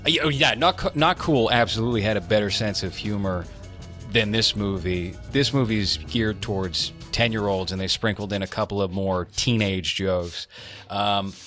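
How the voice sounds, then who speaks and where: A man in his thirties chatting casually on a podcast, giving a measured, critical take in long run-on thoughts. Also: fairly low pitch, fairly bright tone, soft background music. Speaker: podcast co-host reviewing a movie. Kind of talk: casual chat.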